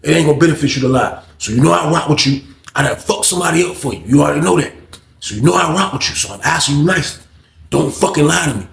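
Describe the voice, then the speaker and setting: A man's voice: a little high, animated, quick pace, creaky, roomy sound. A man voicing a menacing male inmate who bluntly demands the truth, repeating his threats. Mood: threatening.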